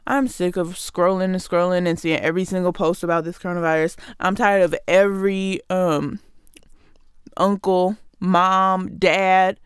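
A woman's voice: fairly low pitch, little pitch movement, measured pace, clean tone, dry recording, clean studio sound. A woman hosting a show, delivering a sarcastic, exasperated comedic rant straight to her listeners. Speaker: podcast host.

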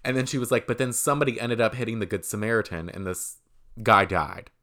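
A man's voice: lowish voice, quick pace, pushed and bright. A man telling a rambling personal story in a casual storytime, full of fillers and swearing.

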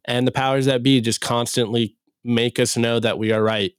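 A man hosting a casual livestream podcast, loose and upbeat as he wraps the show. His voice is smooth and clear, recorded dry and close with no room around it. He talks at a middle pitch in an easygoing, chatty way. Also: flat delivery, normal speed, dry recording. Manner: upbeat, loose, hype sign-off. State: recovering from illness. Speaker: podcast host.

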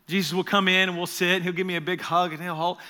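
A man's voice: high-pitched, level tone, quick pace, sharp tone. A male pastor preaching a sermon, telling a story in an earnest way and addressing the church directly.

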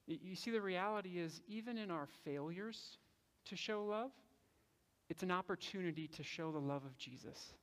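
A man's voice: high-pitched, moderate pace, fairly bright tone. Man, pastor, earnest sermon voice, casual delivery with repeats, long reverb of a large hall. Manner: earnest, conversational, frequent word repeats.

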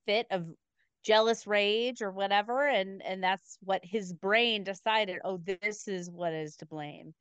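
A woman's voice: mid-range voice, a bit bright, clean tone, dry recording, highs cut off. A woman co-hosting a podcast, chatting casually with blunt, sarcastic opinions and heavy swearing. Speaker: podcast co-host. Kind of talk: casual chat.

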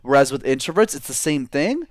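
Speaking a little fast in a mid-range voice, a man guesting on an interview coaches listeners on public speaking. He's animated, pushing his tone up and down to demonstrate vocal tones in this energetic conversation, captured as clean studio sound with no echo.

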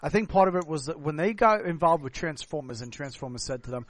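A man's voice: a little high, fast talker, no room sound. A man from the United States hosting a podcast, tipsy and long-winded, rambling in casual chat. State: tipsy from drinking. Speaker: podcast host.

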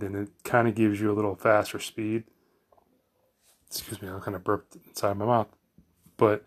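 A middle-aged man chatting casually on a live stream from his phone, meandering and correcting himself with lots of fillers. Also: on the low side. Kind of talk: rambling casual monologue.

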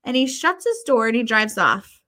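Bright, animated woman telling stories. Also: on the high side, normal speed. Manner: animated storyteller, swears freely, acts out quotes. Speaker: podcast co-host. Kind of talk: casual chat.

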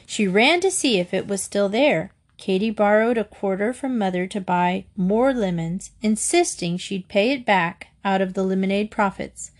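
A woman narrating a children's storybook in a gentle, measured reading voice. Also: medium pitch, expressive.

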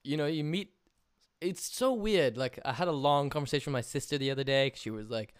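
A man's voice: medium pitch, fast, smooth. A young man in his twenties hosting a casual chat, talking loosely with fillers and the odd swear.

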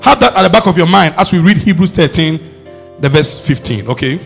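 A man preaching a sermon, emphatic and rising to shouts as he calls on the congregation to respond. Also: a little high, expressive, brisk, vocal fry, faint music behind.

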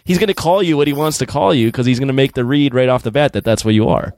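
A man's voice: medium pitch, fast, a little mellow, no echo. A man hosting a podcast, chatting casually with a guest, easygoing, retelling funny moments with quoted bits. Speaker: podcast host. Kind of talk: casual interview chat.

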